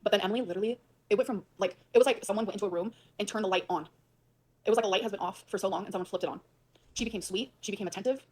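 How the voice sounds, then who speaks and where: A woman rushing through a heated livestream rant at a breakneck pace. Her voice sits in a middle pitch, and she leans hard on her words and swears freely. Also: a little mellow. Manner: fast, emphatic, swears often. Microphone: livestream mic.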